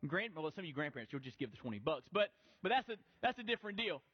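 A middle-aged pastor with a notably high, husky voice delivers a sermon in a relaxed, conversational style, speaking rapid-fire and stumbling over and restarting his words. The recording is dry and a little dull, with no room sound.

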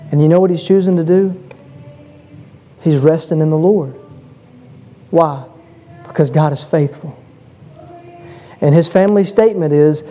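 High, mellow-voiced preacher man. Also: fairly even intonation, moderate pace, long pauses. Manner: earnest, rising to emphatic peaks; repeats words when stressing a point. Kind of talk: sermon.

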